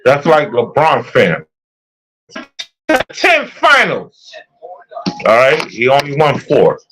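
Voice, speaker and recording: A man's voice: medium pitch, huge pitch swings, slow pace, background noise. Heated man ranting about football. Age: young adult. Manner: profane, heated, repetitive. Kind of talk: casual sports rant.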